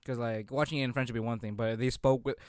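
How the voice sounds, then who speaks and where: Smooth-voiced rambling male podcast co-host. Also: medium pitch, steady tone, fast talker, no echo, clean studio sound. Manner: rambling, laughs often. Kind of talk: casual podcast banter.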